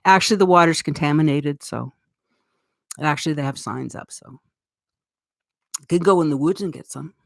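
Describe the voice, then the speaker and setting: A woman's voice: low voice, normal speed, creaky, pauses often, no room sound, clean studio sound. Chatty Canadian woman, grandmother-to-be. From Eastern Canada. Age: middle-aged. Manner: rambling, chatty, laughs often. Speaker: livestream host. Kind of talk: casual live-stream chat.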